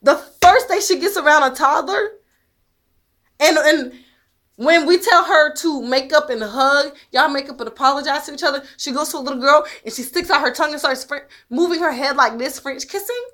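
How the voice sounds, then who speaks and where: A woman's voice: high voice, moderate pace, fairly bright tone. A mother talking straight to the camera in an intense, emphatic way, blunt and swearing, pressing her point with rhetorical questions. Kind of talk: direct-to-camera monologue.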